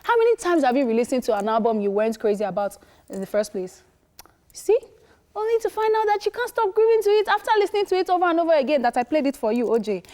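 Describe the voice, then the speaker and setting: A woman's voice: sits high, sing-song, fast, warm tone. A woman presenting an entertainment segment, upbeat and teasing her co-host.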